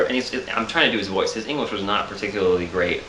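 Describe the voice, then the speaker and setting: A man's voice: on the low side, fast, few pauses, pushed and bright, roomy sound, slight background noise. A tired man telling a rambling, self-amused story in a casual vlog, with frequent laughs and restarts. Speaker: vlogger.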